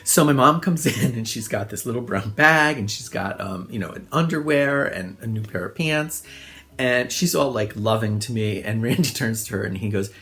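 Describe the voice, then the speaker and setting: A middle-aged man telling funny childhood stories in a relaxed monologue, self-deprecating and often laughing. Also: medium pitch, normal speed, soft background music. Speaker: host. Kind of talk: casual storytelling monologue.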